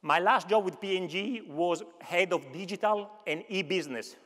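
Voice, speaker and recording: A man's voice: sits high, moderate pace, fairly bright tone. A man in his fifties from Italy's Veneto region with a Veneto Italian accent, giving a chatty conference keynote with joking asides to the audience. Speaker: alumni keynote speaker. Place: large university auditorium. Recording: echoey lecture hall.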